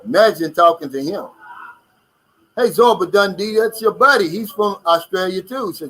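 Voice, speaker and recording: Bright, chatty American man live-streaming. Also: high-pitched, expressive, normal speed, poor audio. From United States. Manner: chatty, reads out comments and riffs on them. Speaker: livestream host reading viewer comments. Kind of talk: casual live-stream chat.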